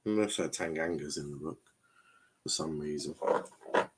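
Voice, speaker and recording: Extremely low-pitched and slightly rough, a young man's voice comes at normal speed as he hosts a football watchalong stream. He gives casual commentary on the live match, reacting to play and reading viewers' chat aloud.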